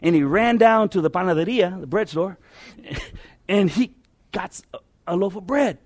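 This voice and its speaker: Male preacher, high-pitched, emphatic, repeats key lines, dry close recording. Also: expressive, unhurried, darkish tone, no room sound. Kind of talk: sermon.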